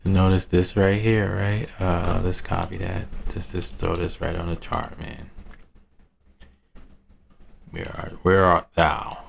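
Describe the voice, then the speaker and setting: A man's voice: sits low, little pitch movement, slow pace, vocal fry, long pauses, a bit bright, slight background noise. A man in a casual, rambling screen-share market review who talks to himself, uses city slang and laughs at his own asides. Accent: American urban slang. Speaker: trading analyst.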